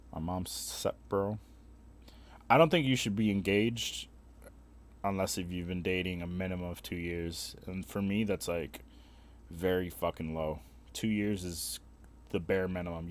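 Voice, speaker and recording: Young man, game streamer, low voice, profane, opinionated, rambling chat. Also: steady tone, normal speed, slight background noise. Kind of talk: casual live-stream chat while gaming.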